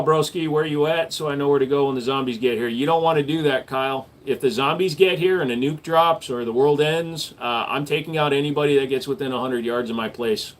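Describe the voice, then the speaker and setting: Blunt man chatting on a live stream. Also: mid-range voice. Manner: blunt, matter-of-fact. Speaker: live stream host and gun store owner. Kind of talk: casual live-stream chat answering viewers.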